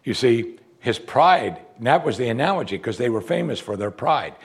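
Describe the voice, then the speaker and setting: A man preaching a sermon as pastor, swinging between loud exclamations and hushed asides. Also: medium pitch, animated, moderate pace, vocal fry, slightly rough.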